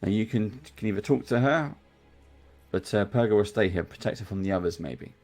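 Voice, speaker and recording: Man, game master, tabletop narration, low voice, faint music behind. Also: animated, a little fast, a little mellow.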